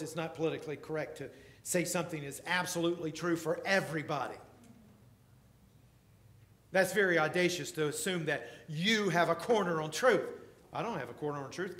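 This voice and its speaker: A male pastor preaching a sermon, emphatic, swinging between loud passages and quiet ones. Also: a little high, brisk, echoey room. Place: church.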